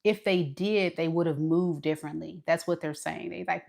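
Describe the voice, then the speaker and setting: A woman giving a casual tarot reading straight to the viewer, expressive and dramatic as she acts out what the other person thinks. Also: lowish voice, moderate pace, creaky, few pauses. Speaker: tarot reader.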